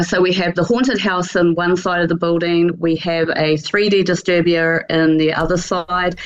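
A New Zealand woman answers radio questions in a halting, filler-heavy way, laughing easily. Her voice is a touch low and comes through a dull, muffled remote line. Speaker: guest, attraction manager. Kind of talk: radio interview.

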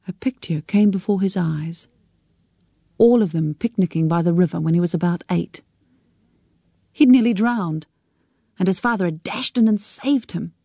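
A woman narrating a dramatic story in a measured, steady reading. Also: fairly low pitch, no room sound, clean studio sound.

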